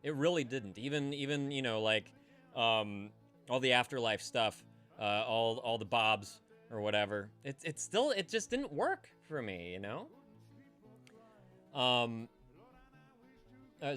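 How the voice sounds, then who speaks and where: A man with a bright, forceful voice that swings widely in pitch, chatting casually on a live stream. He rambles, swears freely and stumbles into restarts. Faint music plays behind him. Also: sing-song, unhurried, long pauses. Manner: rambling, profane, stammers and restarts. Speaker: streamer hosting a call-in show.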